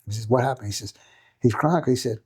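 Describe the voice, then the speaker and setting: A martial arts coach in middle age, guesting on a podcast, tells a casual story in a husky, a little rough, mid-range voice. His delivery is fast and animated, full of acted-out quotes from other people and frequent repetition.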